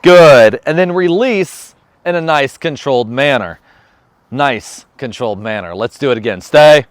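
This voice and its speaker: A man's voice: mid-range voice, animated, moderate pace, no echo. A man talking casually in a how-to vlog, upbeat and chatty, switching to short firm commands for his dog. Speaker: vlogger and dog trainer. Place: outdoors training a dog.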